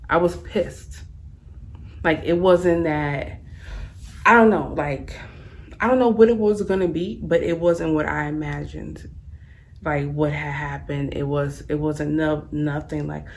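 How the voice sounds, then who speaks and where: A woman's voice: low-pitched, unhurried. A young woman vlogger telling a personal story, frank and slangy, rambling casually with lots of fillers. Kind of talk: storytime vlog.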